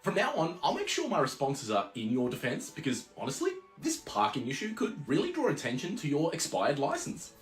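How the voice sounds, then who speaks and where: A man's voice: fairly high pitch, wildly swooping pitch, fairly quick, few pauses, echoey room, soft background music. A man playing a bumbling Australian lawyer. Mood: blunt. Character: bumbling male lawyer who keeps turning on his own client. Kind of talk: comedy skit.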